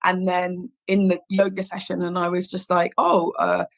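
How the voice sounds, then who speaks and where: Speaking at normal speed with a fairly low pitch, this hairstylist founder is a guest on a podcast. In casual chat she tells a personal story animatedly, acting out quoted dialogue and saying "like" a lot.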